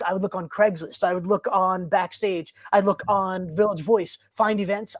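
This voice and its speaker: A man telling stories in a casual podcast interview, talking animatedly and rushing ahead before he backtracks. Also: high voice, no echo. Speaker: guest, TV host.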